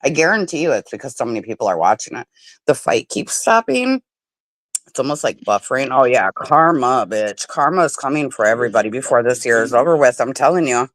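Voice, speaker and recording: Animated woman chatting on a livestream. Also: very deep voice, fairly quick, dry recording. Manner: animated, swearing, talks with mouth full. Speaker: livestream guest. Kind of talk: casual livestream chat. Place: home.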